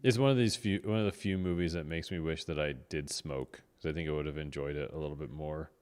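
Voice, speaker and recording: A man co-hosting a casual movie review podcast, laid-back and quick to agree. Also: a bass voice, a little mellow, smooth. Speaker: podcast co-host.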